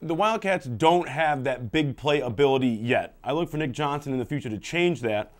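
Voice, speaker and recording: A man's voice: medium pitch, expressive, normal speed. A man giving confident sports analysis on a student TV show, rattling off statistics.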